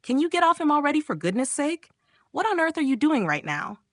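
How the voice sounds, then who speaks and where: A woman voicing a hot-tempered younger sister who scolds loudly. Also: medium pitch, expressive, fairly quick, dry recording, clean studio sound, lightly acted. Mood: angry. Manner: loud, snapping, scolding.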